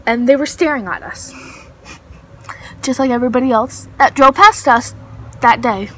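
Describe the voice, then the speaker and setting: High-voiced teen girl rambling a story. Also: fairly even intonation, normal speed, long pauses, bright, forceful tone, low-quality recording. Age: teens. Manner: rambling, lots of fillers and self-corrections. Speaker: vlogger. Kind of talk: casual storytime.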